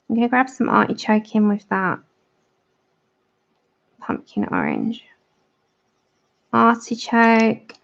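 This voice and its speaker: A woman's voice: fairly high pitch, gravelly, muffled recording. A woman with a London accent hosting a colouring livestream, chatting with viewers and talking them through each step as she works. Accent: London English.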